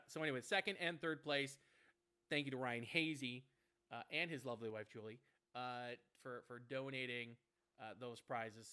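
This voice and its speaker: Bright, effusive man co-hosting. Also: medium pitch, smooth. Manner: effusive, rambling, with many restarts. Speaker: co-host of an online karaoke show. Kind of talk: casual livestream chat.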